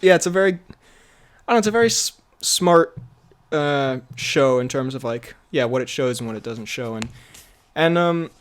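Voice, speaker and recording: A man's voice: mid-range voice, expressive, normal speed, clean tone. A young man co-hosting a podcast in casual chat, rambling with lots of fillers and laughing easily. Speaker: podcast co-host.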